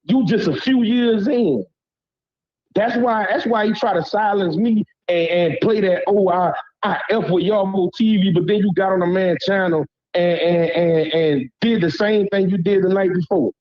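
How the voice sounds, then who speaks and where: A man's voice: high voice, normal speed, muffled recording. A man from Louisiana with a Southern accent, calling in to a panel and ranting bluntly in slang, often asking "you hear me". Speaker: caller on a panel. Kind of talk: heated call-in rant.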